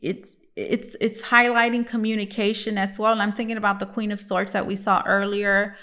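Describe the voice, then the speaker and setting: A woman's voice: mid-range voice, level tone, normal speed, a bit bright. A chatty young woman talks through a tarot reading in an easygoing way. She often stops and restarts her sentences and fills the gaps with little fillers. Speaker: tarot reader. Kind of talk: casual tarot reading to camera.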